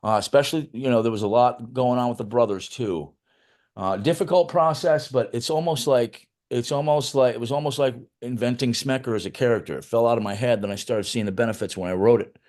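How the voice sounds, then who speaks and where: A man's voice: mid-range voice, brisk, a little mellow. A middle-aged man, a film writer-director, telling loose, profane anecdotes in a casual interview, with frequent restarts.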